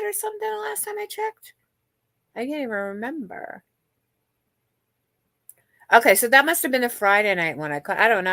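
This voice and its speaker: A livestream host whose voice is on the high side, pushed and bright, gossips casually with her live audience. She swears freely and often begins sentences again, captured in a dry recording.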